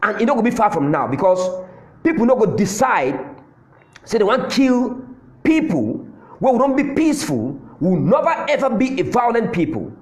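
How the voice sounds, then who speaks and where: A man speaking Cameroonian Pidgin English delivers a fiery political address. His voice is high and swings widely in pitch as he repeats his points for emphasis. The sound has an echo, as if recorded in a bare room. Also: very animated, moderate pace. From Southern Cameroon. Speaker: political commentator.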